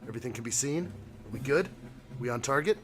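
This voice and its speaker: A man's voice: medium pitch, animated, fast. Playful man hosting a live stream. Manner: playful, jokey, reads chat aloud. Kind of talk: casual live-stream chat.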